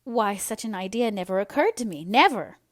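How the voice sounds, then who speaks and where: A woman's voice: mid-range voice, expressive, a little fast, no room sound, studio quality, natural voice. A woman voicing a spirited young college woman who gasps and stammers in surprise, reading a storybook aloud. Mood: flustered. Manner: gasping, flustered, then decided. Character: young woman student, startled then firm.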